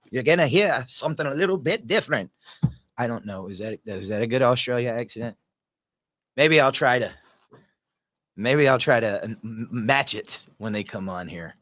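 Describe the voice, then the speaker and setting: A man's voice: lowish voice, expressive, normal speed, a bit bright, no echo. A man with a Southern American accent hosting his podcast, talking casually and earnestly, often repeating words. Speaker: podcast host. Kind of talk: casual solo talk.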